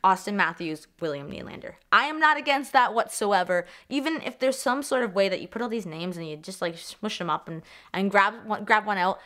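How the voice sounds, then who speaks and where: Fairly quick and medium-pitched, a young Canadian sports vlogger chats with excitement and swears freely. Her casual talk loops back on itself and often breaks off mid-thought.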